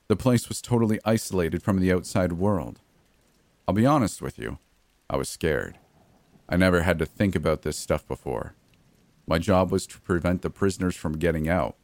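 A man's voice: low-pitched, darkish tone, no echo. A man narrating a first-person horror story in a gritty, blunt way, with frequent mild cursing.

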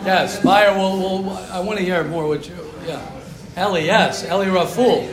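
A man's voice: high voice, normal speed. A man leading a class discussion as rabbi, affirming each speaker. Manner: affirming, repeats praise. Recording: echoey room, loud crowd and noise.

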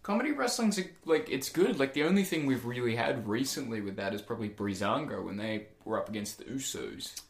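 A man's voice: mid-range voice, lively intonation, a little fast, vocal fry, hardly any pauses, reverberant. A young man, co-hosting a casual podcast in a playful, rambling way. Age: young adult. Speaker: podcast co-host. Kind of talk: casual chat.

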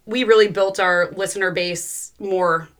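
A woman's voice: medium pitch, steady tone, measured pace, fairly bright tone. A woman co-hosting a podcast in casual chat, talkative, blunt and joking. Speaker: podcast co-host.

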